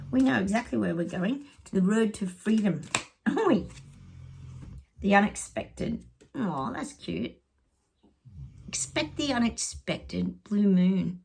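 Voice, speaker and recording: A woman's voice: mid-range voice, lively intonation, slow pace, vocal fry, pauses often, darkish tone, slight background noise. A middle-aged woman, a psychic, chatting casually to viewers while pulling tarot cards, rambling and laughing often. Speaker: psychic giving tarot predictions.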